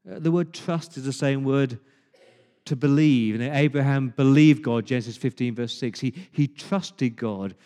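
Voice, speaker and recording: Male pastor, mid-pitched, impassioned sermon delivery with dramatic pauses, church hall reverb. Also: mellow. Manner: impassioned preaching with dramatic pauses and repeated words.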